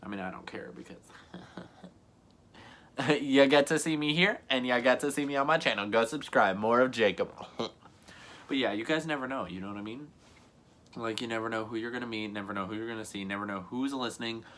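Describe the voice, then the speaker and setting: A man's voice: medium pitch, pushed and bright. A young man telling a casual storytime vlog to camera, rambling and earnest, full of "like" and "you know what I mean". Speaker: YouTuber.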